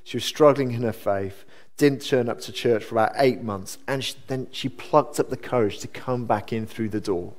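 A man preaching a sermon in a church, earnest and conversational, with sudden lively rises. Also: mid-range voice, moderate pace. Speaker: pastor.

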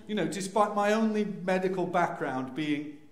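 A man telling a humorous personal story to an audience, acting out scenes with sudden loud cries. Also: high-pitched, a little slow. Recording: echoey room.

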